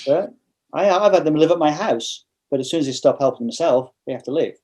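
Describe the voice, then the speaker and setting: A man's voice: a little high, animated, brisk, darkish tone. A man with an English accent, a guest in a casual interview, telling stories bluntly with frequent restarts. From England.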